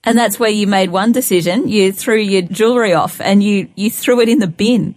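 Woman, interviewer, recaps the story, mid pitch, dry close sound. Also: fairly quick, darkish tone, no echo. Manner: prompting, recapping the guest's story. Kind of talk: radio interview.

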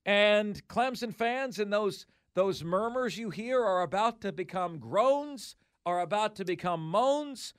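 High-voiced emphatic male sports radio host. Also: expressive, measured pace, hardly any pauses, clear, resonant tone, no echo, clean studio sound. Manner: emphatic, repetitive, opinionated. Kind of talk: sports talk radio commentary.

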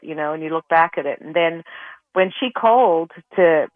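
A woman's voice: low-pitched, normal speed, dry recording. Woman on a tinny phone line. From Australia. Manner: rambling with many restarts, emotional. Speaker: guest, retired pro golfer. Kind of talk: casual storytelling in an interview.

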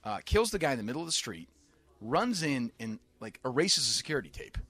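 A man's voice: mid-range voice, big pitch swings, fairly bright tone, no room sound. A man hosting a podcast, chatting casually and firing off opinionated questions. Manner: opinionated, rapid-fire questions. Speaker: podcast host. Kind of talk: casual interview chat.

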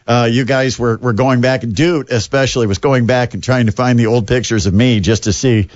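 A man's voice: medium pitch, steady tone, moderate pace, no room sound, muffled recording. An older man hosting a sports radio show, chatting casually in a rambling, self-deprecating way.

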